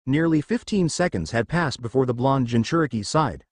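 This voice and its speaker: Lively dry-voiced male story narrator. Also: mid-range voice, moderate pace, hardly any pauses, no echo. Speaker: fan fiction narrator. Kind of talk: scripted narration.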